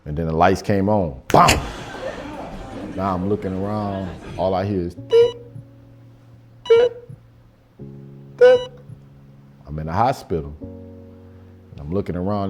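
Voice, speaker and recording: Brief: male stand-up comic, lowish voice, loose profane slang, laid-back storytelling, faint music under it. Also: normal speed. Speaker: stand-up comedian. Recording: live show with audience laughter.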